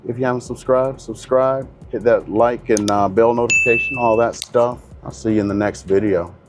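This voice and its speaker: A man's voice: mid-range voice, fairly even intonation, normal speed, over loud music. A middle-aged man talking in a car, blunt, opinionated and rambling, a real estate agent hosting his own channel. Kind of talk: casual monologue to camera.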